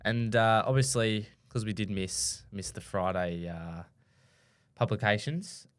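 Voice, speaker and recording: A man's voice: on the low side, a little slow. A young Australian man co-hosting a podcast, chatting casually and telling a rambling story with many restarts. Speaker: podcast co-host. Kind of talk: casual chat.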